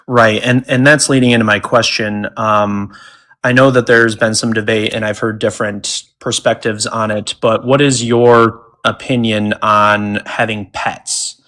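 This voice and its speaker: A man's voice: on the low side, little pitch movement, measured pace, sharp tone. A man calling into a live stream, asking a question politely with many hesitations. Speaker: caller.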